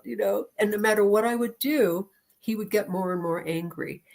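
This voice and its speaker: A woman who teaches and lectures, talking as an interview guest, telling a personal story in an animated way and laughing often. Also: mid-range voice, normal speed, creaky.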